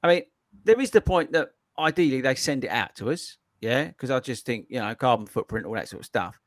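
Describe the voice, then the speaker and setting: A man hosting a running podcast, telling stories in an excitable, animated way. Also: mid-range voice, a little fast, dry recording, clean studio sound. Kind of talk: casual chat.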